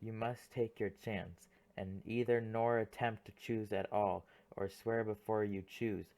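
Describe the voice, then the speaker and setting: A man voicing a composed, firm noble young woman, formal and measured in an audiobook play reading. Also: fairly low pitch, steady tone, warm tone.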